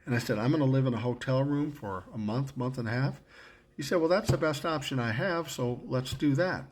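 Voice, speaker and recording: Older guy, 60s, telling stories casually, swears a lot, voice jumps up when he quotes himself. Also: a little fast. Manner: blunt and profane, acting out his own past lines with rising pitch. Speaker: storyteller recalling his radio career. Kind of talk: casual spoken storytelling.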